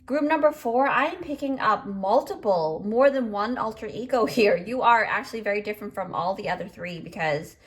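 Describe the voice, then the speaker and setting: A woman's voice: medium pitch, lively intonation, moderate pace, hardly any pauses. A woman giving a pick-a-card tarot reading in a chatty, emotional way, full of fillers, and choked up. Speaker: tarot reader.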